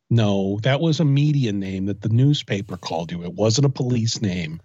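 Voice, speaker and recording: A man co-hosting, teasing in dry deadpan comedic banter. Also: fairly low pitch, normal speed, husky, dry recording. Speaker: podcast co-host. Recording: slightly dull lo-fi sound.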